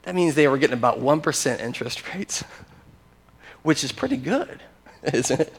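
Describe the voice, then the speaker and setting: A man preaching a sermon and teaching from scripture, animated and emphatic, often restarting phrases and chuckling. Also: medium pitch, moderate pace, slightly rough. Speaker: pastor.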